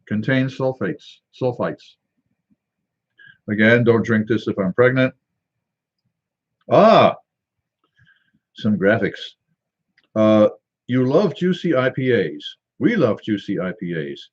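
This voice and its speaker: A man's voice: fairly low pitch, lively intonation, unhurried, lo-fi sound. A man hosting a casual tasting video, reading a can label aloud and joking to himself in a rambling, wry way. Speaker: drink reviewer.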